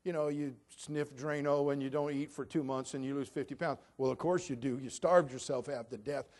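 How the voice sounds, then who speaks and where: A man preaching a sermon in a conversational way, with humorous asides and swings from quiet remarks to emphatic declarations. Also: mid-range voice, steady tone, brisk. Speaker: pastor.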